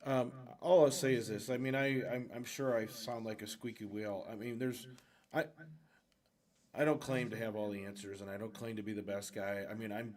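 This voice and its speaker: A man's voice: fairly low pitch, level tone, moderate pace. A man hosting a casual conversation, speaking hesitantly with frequent restarts and self-doubt. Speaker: host.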